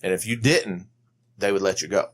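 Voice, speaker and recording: A man's voice: deep voice, steady tone, normal speed. A man co-hosting a podcast in casual chat, recounting his old job in a matter-of-fact way. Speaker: podcast co-host.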